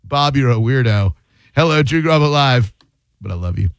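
A man hosting a call-in radio show, answering callers with quick jokes. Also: mid-range voice, animated, smooth, dry recording, clean studio sound. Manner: joking, quick comebacks. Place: radio studio. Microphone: studio microphone.

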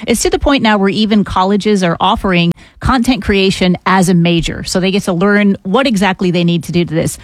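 A woman co-hosting a podcast, explaining things steadily in a casual chat and slowing down on key points. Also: mid-range voice, dry recording. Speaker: podcast co-host.

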